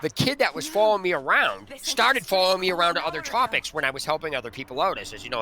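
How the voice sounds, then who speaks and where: A man's voice: fairly high pitch, very animated, rapid-fire, hardly any pauses, crowd noise. A man ranting indignantly over gameplay, rambling with restarts and swearing freely. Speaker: gaming streamer. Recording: noisy game audio behind. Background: gunfire and game sounds.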